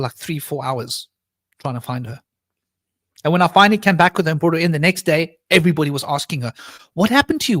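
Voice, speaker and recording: A man tells a long personal story on a live panel call, slipping into other voices for quoted lines. His voice sits fairly high. The sound is dry and close, with no room echo. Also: fairly bright tone. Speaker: panel guest.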